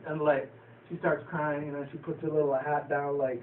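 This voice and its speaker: A man's voice: on the high side, little pitch movement, fairly quick, a little hiss or hum. A man casually recapping a cartoon episode in a loose, rambling, profane way, often chuckling. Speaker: vlogger reviewing a cartoon episode. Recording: tinny lo-fi, echoey, distant from the mic.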